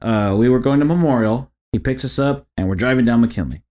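A man co-hosting a casual podcast, telling a crude, lively family story full of swearing. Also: medium pitch, fairly quick. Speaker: podcast co-host.

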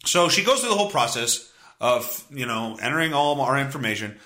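A man's voice: mid-range voice, sing-song, a little fast, bright, forceful tone. Exasperated swearing podcast host man. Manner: profane, exasperated, laughs often. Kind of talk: ranting comedic storytelling.

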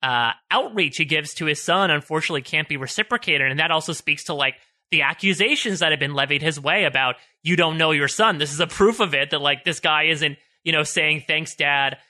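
A man's voice: a little high, a little fast, hardly any pauses, sharp tone. A man co-hosting a podcast, choked up and tearful, talking through a TV scene in an emotional, searching way. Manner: emotional, searching, restarts phrases. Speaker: podcast co-host. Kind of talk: casual discussion of a TV show.

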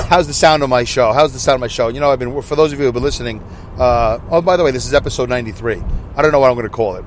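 A man hosting a casual solo podcast, rambling excitably and loudly with many asides, with faint noise behind him. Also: a little high. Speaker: podcast host. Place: in his car.

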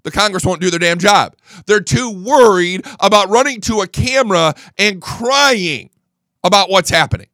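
A combative male talk host rants with a high, swinging voice that jumps all over. His tone is bright and edgy, and he swears freely and stumbles over repeated words when heated. The sound is close and dry. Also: animated, normal speed, dry recording. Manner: angry, combative, swears a lot. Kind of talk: political talk show rant.

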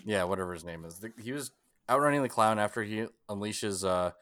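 A man's voice: fairly low pitch, animated, fairly quick, fairly bright tone, no room sound. A man in casual podcast chat, telling stories animatedly and laughing often. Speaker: podcast co-host. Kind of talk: casual movie review chat.

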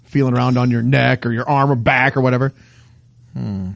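A man's voice: medium pitch, fairly quick, creaky, no echo. A middle-aged man co-hosting a casual chat show, telling funny stories and acting out the doctors and nurses in them. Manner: animated storyteller who acts out the people in his stories. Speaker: podcast co-host.

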